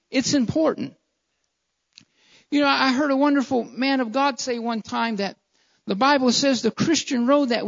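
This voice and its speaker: Male preacher, fervent, dull lo-fi recording. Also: very high voice. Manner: fervent preaching with repeated appeals to the congregation. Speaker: pastor. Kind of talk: sermon. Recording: dull lo-fi sound.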